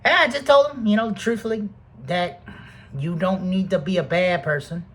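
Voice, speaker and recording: A man rambling through a profane, casual monologue to the camera, jumping between loud outbursts and soft mutters. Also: high-pitched, normal speed, a little hiss or hum.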